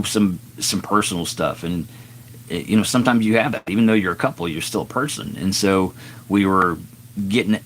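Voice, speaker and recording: A raspy, middle-aged singer-songwriter chatting earnestly and self-deprecatingly on his live stream between songs. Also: sits low, a bit bright, a little hiss or hum.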